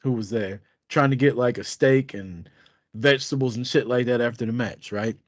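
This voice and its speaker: A man's voice: mid-range voice, normal speed, no echo, lo-fi sound. Laughing, profane storytelling man. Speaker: podcast co-host. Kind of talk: casual storytelling chat.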